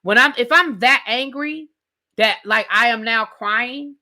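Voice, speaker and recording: A woman with a high, bright voice rants sassily through a reality TV recap. She talks straight to her viewers in a loose, conversational style. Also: a little slow. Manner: sassy, conversational, addresses viewers as y'all. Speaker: TV recap host. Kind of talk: animated reality TV rant.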